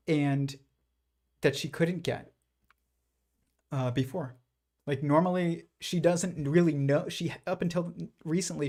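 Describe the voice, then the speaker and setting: Guy hosting his own stream, kinda high gravelly voice, rambly and thinking out loud, lots of ums. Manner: rambling, reflective, many fillers and restarts. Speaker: livestream host. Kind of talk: casual livestream monologue.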